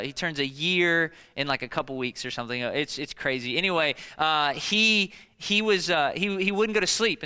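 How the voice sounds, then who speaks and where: Animated, bright-voiced male preacher. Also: smooth. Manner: conversational storytelling with many fillers; animated, jumps up in pitch for emphasis. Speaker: pastor. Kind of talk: sermon.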